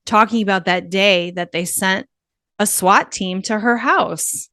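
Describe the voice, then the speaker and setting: A woman hosting a podcast in casual chat, animated and chatty, laughing as she tells stories. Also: mid-range voice, unhurried, no echo, clean studio sound. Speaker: podcast host.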